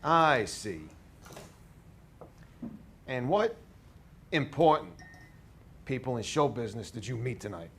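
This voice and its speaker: A man's voice: medium pitch, lively intonation, slight background noise. A man putting on a doubting New Yorker, thick accent. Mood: skeptical. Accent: New York (put on). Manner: slow, thick and loud, doubting. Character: skeptical man with a thick, over-the-top New York accent. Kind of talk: scene study acting. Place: acting studio class.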